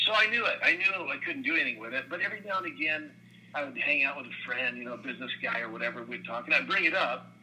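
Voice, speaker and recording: A man in his sixties, a company co-founder telling his story in a casual interview, animated and rambling, with lots of restarts. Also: medium pitch, racing, slight background noise, low-quality recording. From United States. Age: 60s.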